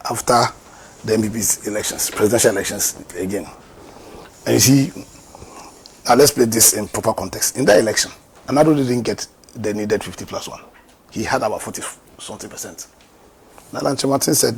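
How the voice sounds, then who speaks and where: A man's voice: lowish voice, brisk, creaky, long pauses, husky. A man with a Ghanaian English accent giving political commentary, asking rhetorical questions and turning emphatic.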